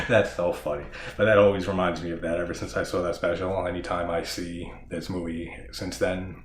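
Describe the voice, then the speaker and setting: A man with a very low voice chats loosely about a movie he loves, laughing often and restarting his sentences. He now and then acts out lines in raised, jokey voices. The sound is roomy, with a faint hiss underneath. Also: level tone, moderate pace. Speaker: horror movie channel host. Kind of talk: casual film discussion.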